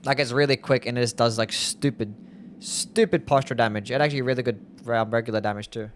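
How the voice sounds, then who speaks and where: A man's voice: mid-range voice, steady tone, fairly quick, slight background noise. A man chatting casually on a live game stream, rambling with lots of fillers as he answers chat. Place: home desk.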